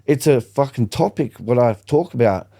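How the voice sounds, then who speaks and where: A man's voice: medium pitch, animated, moderate pace, gravelly, dark tone. Young guy on a podcast, swears constantly, blunt and fired up, just chatting. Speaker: podcast guest. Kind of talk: casual podcast chat.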